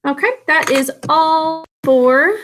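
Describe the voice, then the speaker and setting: A woman teacher walks her students through a science lesson in a recorded video. She explains patiently and step by step, pausing on small fillers, in a voice sitting a little higher than most women's. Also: a bit bright, a little hiss or hum.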